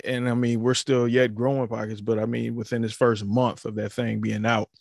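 A man's voice: mid-range voice, flat delivery, moderate pace, gravelly, a little mellow, no echo. A young adult man hosting a podcast, chatting loosely and rambling with many fillers on a close mic. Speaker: podcast host. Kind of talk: casual chat.

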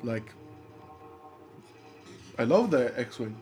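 A man's voice: mid-range voice, big pitch swings, very slow, music in the background. A man chatting casually and enthusiastically, rambling a little as he talks. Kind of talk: casual chat.

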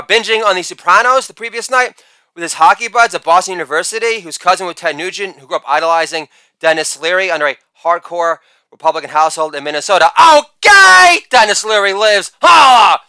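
A male comedian doing a crude insult roast, with brash delivery and shouted catchphrases. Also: sits high, clear, resonant tone, dry recording.

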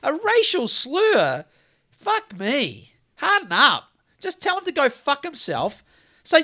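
A man's voice: very high-pitched, wildly swooping pitch, slow, pushed and bright. A man with a New Zealand accent, co-hosting a podcast in a heated, profane rant. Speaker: podcast co-host.

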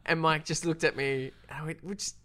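A young Australian man, a filmmaker guest, telling a story in casual, self-deprecating chat. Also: fairly quick. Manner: animated, self-deprecating, jumps pitch when quoting.

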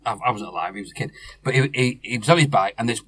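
A man's voice: medium pitch, very fast, fairly bright tone, breathy edge, no room sound. A man co-hosting a podcast, chatting casually and jokily with many restarts. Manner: chatty, jokey, stumbling restarts. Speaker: podcast co-host. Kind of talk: casual chat.

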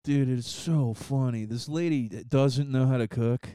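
Chill guy on a podcast, smooth mellow voice, swears a lot, dry close mic. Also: mid-range voice, unhurried, no room sound. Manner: laid-back, profane, laughing banter. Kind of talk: casual chat.

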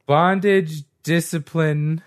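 A man's voice: on the high side, steady tone, takes it slowly, smooth, dry recording. Guy cohosting a chill podcast, laughs a lot, dry close sound. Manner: laughing, acts out voices in retellings. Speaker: podcast co-host. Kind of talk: casual chat.

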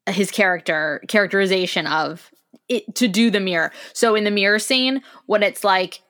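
A woman's voice: mid-range voice, normal speed, fairly bright tone. A woman co-hosting a podcast in casual chat, enthusiastic and talkative, with many fillers and restarts. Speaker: podcast co-host.

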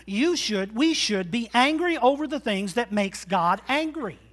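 Animated high-voiced preacher, loud then soft. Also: male voice, measured pace. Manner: animated, joking preacher who swings between loud and soft. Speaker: pastor. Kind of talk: sermon. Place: church sanctuary.

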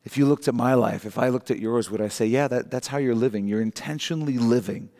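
A middle-aged man preaching a sermon, emphatic and rising in pitch on key points, slowing down to read scripture aloud. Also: darkish tone. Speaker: pastor. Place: church sanctuary. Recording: long hall reverb.

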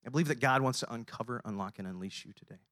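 A man giving a motivational faith talk, preaching and building up to rousing shouts. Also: medium pitch, racing, dry recording, clean studio sound. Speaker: speaker at a faith-based business gathering. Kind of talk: motivational sermon.

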